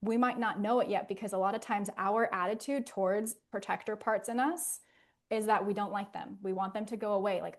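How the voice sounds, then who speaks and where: A woman therapist talks in an interview at a medium pitch. Her manner is earnest and gentle as she explains. She often drops into a soft, soothing hush. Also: fairly even intonation, a little fast.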